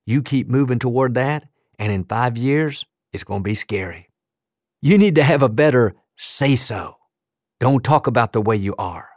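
A man's voice: mid-range voice, expressive, moderate pace, a little mellow, no room sound, studio quality. A man preaching a sermon as pastor, emphatic and building rhythmic lists of declarations.

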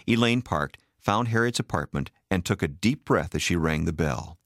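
Deep-voiced man narrating an audiobook. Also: expressive, moderate pace, a bit bright, no echo, studio quality.

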